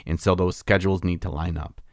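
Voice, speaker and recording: Male podcast co-host, deep voice, rambling and prone to laughter, dry studio sound. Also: steady tone, fairly quick, no echo. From United States. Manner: rambling, restarts often, laughs easily. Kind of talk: casual podcast chat.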